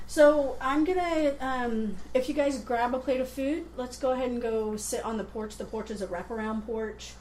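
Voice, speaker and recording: A woman's voice: fairly high pitch, moderate pace, few pauses, a little mellow. A woman narrating as game master of a tabletop role-playing game, speaking playfully and often laughing. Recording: echoey room with noise.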